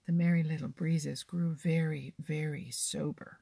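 A woman with a husky, creaky voice reading a children's storybook gently and slowly. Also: sits low, fairly even intonation, no echo.

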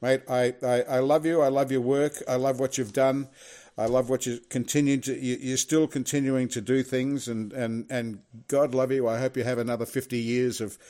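A man hosting a podcast at a mid pitch. He talks in a chatty, effusive way through a casual interview. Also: flat delivery, moderate pace, warm tone. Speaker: podcast host.

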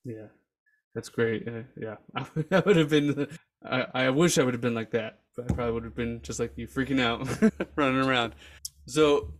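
Young guy hosting a podcast, chill, mid-pitched, laughs a lot. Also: moderate pace. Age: young adult. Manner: relaxed, laughs often. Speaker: podcast host. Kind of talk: casual interview chat.

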